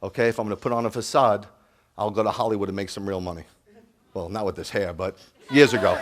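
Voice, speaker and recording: A man delivering a sermon as a rabbi. His voice sits on the low side. He talks earnestly and personally, sometimes dropping to a near-hush and sometimes rising to a sharp, loud rebuke. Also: fairly even intonation, fast talker. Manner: earnest, shifting from soft confiding to loud scolding.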